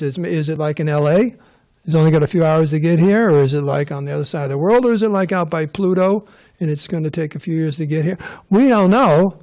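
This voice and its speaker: A man's voice: a little high, dark tone. A man giving a casual scripture class, rambling and joking with digressions. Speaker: temple class speaker.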